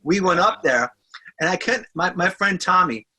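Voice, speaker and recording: Excitable husky-voiced man. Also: high voice, normal speed. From New York. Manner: excitable anecdote teller, acts out voices. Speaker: guest musician. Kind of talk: casual interview chat.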